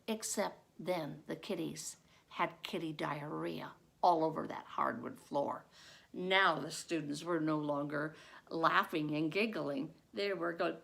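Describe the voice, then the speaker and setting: A middle-aged woman, a former teacher, telling a personal story with vivid, dramatic pacing that builds into loud excitement. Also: low voice, takes it slowly, creaky. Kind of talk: told personal story at a contest.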